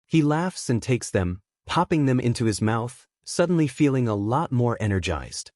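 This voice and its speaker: A man narrating a fan-written story in a steady, even storytelling manner. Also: medium pitch, normal speed, dry recording, studio quality. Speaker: fanfic narrator.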